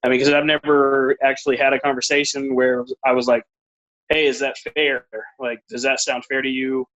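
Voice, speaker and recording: A man's voice: mid-range voice, little pitch movement, normal speed, fairly bright tone, lo-fi sound. A man in a casual video call chat, talking hesitantly with many fillers. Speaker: course member.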